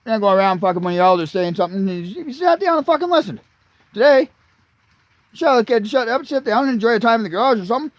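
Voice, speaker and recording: A man's voice: high-pitched, sing-song, fast, no echo. A man in his late thirties, ranting angrily and crudely, swearing constantly as he rambles. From Canada. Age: 30s. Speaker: vlogger. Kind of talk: profane rambling rant.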